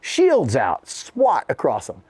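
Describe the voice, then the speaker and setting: A middle-aged rapper with a medium pitch talks slowly, his voice a little mellow with a breathy edge and huge pitch swings, in a dry recording. In conversation with an interviewer, he recounts a story full of swearing and laughs, voicing the other characters himself.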